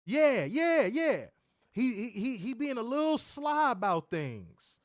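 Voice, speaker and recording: A man's voice: extremely high pitch, slow pace, dry recording, studio quality. A man co-hosting a wrestling review podcast, talking casually with lots of profanity, jokes and teasing. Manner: profane, animated, joking, teasing. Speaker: wrestling show co-host.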